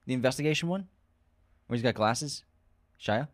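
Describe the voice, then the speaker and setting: A male podcast co-host who teases his partner and asks quiz questions in relaxed, casual chat. His voice moves up and down in a lively way. The recording is dry and close. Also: medium pitch, normal speed, dry recording. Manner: teasing, quizzing.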